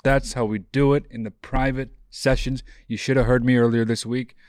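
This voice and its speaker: A man's voice: medium pitch, steady tone, normal speed, darkish tone, clear, resonant tone, no echo, clean studio sound. A man co-hosting a podcast, ribbing his partner in a smug, playfully boastful way. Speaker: podcast co-host and advice giver. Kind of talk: casual podcast banter.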